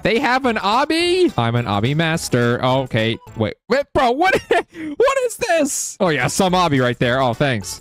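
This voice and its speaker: A young man narrating gameplay with a fairly high voice that leaps around wildly, jokey and excitable, with sudden squeaky bursts. Faint music plays under his voice. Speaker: gaming YouTuber. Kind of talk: gameplay commentary.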